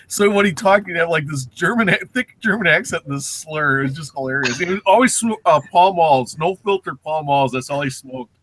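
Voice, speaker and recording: A man co-hosting a live online show, telling a story in relaxed, animated chat and mimicking the people in it. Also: on the high side, brisk, hardly any pauses, slight background noise, rough recording. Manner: animated anecdote-teller who mimics people. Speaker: co-host.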